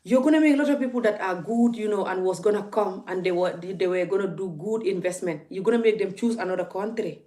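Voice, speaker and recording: A woman's voice: medium pitch, quick pace, hardly any pauses, dark tone. A woman vlogging into her phone, emphatic and laughing, often repeating her words. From Gambia. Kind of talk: casual ranting vlog.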